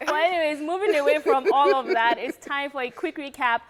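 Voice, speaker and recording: Nigerian lady on a tv entertainment show, chatty, laughs a lot, a bit high voice. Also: a bit bright. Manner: chatty, laughs often, quick asides. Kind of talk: lively studio banter.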